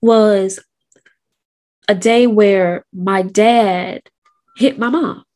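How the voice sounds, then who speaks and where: A woman's voice: medium pitch, steady tone, drawn-out words, a little mellow. A woman in her thirties telling a personal story in a candid, conversational way with casual slang, while feeling sick. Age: 30s. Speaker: host.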